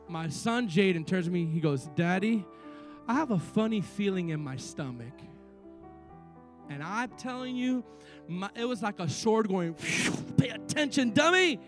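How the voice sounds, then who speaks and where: A middle-aged man preaching a sermon as pastor, telling stories and building to fervent pleas. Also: sits high. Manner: preaching with rising fervor and repeated pleas.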